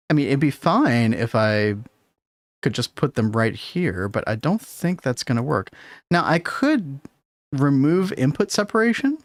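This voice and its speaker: A man's voice: medium pitch, no echo, clean studio sound. A man hosting a casual game stream, thinking aloud and chuckling often.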